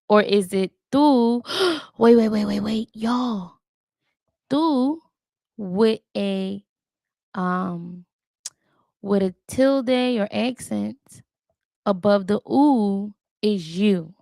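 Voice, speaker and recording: A woman chats casually to her viewers while she studies, thinking out loud and sounding out each word with care. Her voice has a gravelly edge, and she talks very slowly. The sound is close and dry. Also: medium pitch, no echo. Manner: thinks aloud, chatty, talks to viewers as "y'all"; careful halting tries at Spanish words. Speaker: language learner vlogger. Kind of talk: casual chat while studying.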